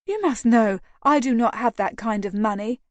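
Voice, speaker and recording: A woman's voice: on the high side, normal speed, no echo, lightly acted. Woman doing a defiant young widow. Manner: tight, controlled defiance.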